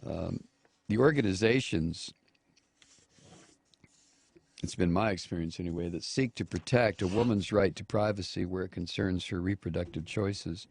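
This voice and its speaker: A man's voice: low-pitched, normal speed, creaky, pauses often, darkish tone, slightly rough. A male radio talk show host giving angry political commentary, scornful and name-calling, mocking quotes in a raised voice.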